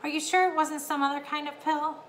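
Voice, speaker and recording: A woman's voice: sits high, fairly even intonation, fairly quick, fairly bright tone, voice pushed up. A woman voicing a worried, doting mother mouse who frets over her son. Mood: fretful. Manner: fretful, anxious questions. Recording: echoey room, faint hum.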